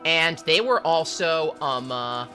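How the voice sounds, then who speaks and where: A streamer in casual gaming chat with friends, talking in a halting way full of fillers and restarts. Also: mid-range voice, expressive, sharp tone, soft background music. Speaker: streamer playing a factory-building game with friends.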